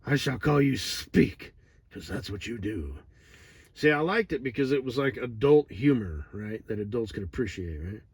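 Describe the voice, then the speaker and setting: A middle-aged man telling a rambling, digressive story in a profane, deadpan way. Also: fairly low pitch, normal speed, husky, no echo. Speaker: vlogger. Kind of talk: rambling monologue.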